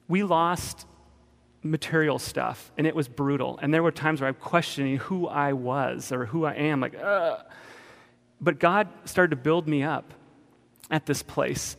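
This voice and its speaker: A man telling a personal testimony in a sermon, animated, sometimes shouting. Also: on the high side, creaky, long reverb tail. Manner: animated storytelling, bursts of shouting.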